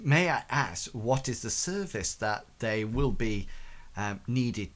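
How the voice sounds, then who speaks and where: A man's voice: mid-range voice, animated, slow, a bit bright. A man voicing a shrewd adult woman who runs errands for criminals in the slums, speaking in a polite, rather upper-class put-on manner.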